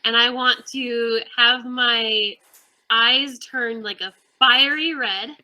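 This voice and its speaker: A woman's voice: fairly high pitch, steady tone, slow pace, pushed and bright, poor audio. A woman playing a tabletop game, hesitant and giggly as she decides her moves. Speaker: player.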